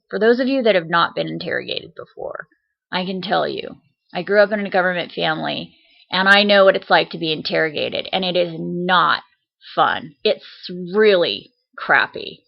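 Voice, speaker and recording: Gravelly indignant woman vlogging. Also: lowish voice, lively intonation, moderate pace, lo-fi sound. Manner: chatty and indignant, many fillers and restarts. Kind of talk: casual vlog rant.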